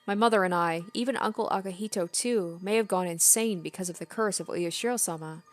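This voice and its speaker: A woman's voice: fairly low pitch, fairly quick, soft background music, lightly acted. A woman reading the lines of a disturbed teenage girl from a visual novel, repeating herself feverishly. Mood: haunted. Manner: feverish, repetitive apologizing.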